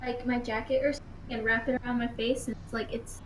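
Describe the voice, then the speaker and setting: A woman's voice: a little high, little pitch movement, fast talker, reverberant, slight background noise, rough recording. A woman playing a tabletop game, asking hesitant questions of the game master. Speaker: player. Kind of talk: casual chat.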